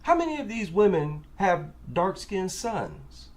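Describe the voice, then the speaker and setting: A man's voice: high voice, big pitch swings, unhurried. A man with an African American accent giving reaction commentary, incredulous and asking rhetorical questions.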